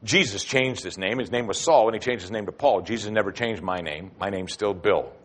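A man preaching a sermon with expressive delivery, swinging between loud emphatic phrases and quiet asides. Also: on the low side, a little fast. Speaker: pastor.

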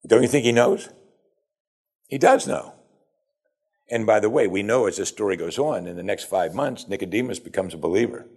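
A man's voice: on the low side, normal speed, long pauses, a little mellow, slightly rough. A man preaching a sermon in a conversational way, acting out the people he quotes. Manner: conversational, acts out quoted speakers. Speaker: preacher teaching from scripture.

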